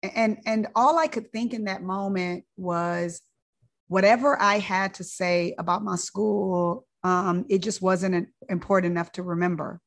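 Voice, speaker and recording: A woman's voice: medium pitch, steady tone, a little slow. A woman, a physician, telling a personal story in a conversational way, often repeating words and using fillers.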